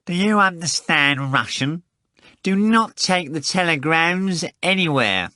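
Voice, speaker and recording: A man voicing a sinister male caller with a repugnant nasal voice, slow and insolent. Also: on the high side, lively intonation, sharp tone, no echo, clean studio sound, voice pushed up, heavily acted.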